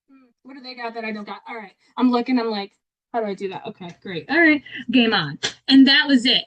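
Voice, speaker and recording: Woman, young adult, high-pitched, dry close sound, chatty, self-deprecating, motivational talk. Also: a bit bright, dry recording. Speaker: guest speaker, sales director.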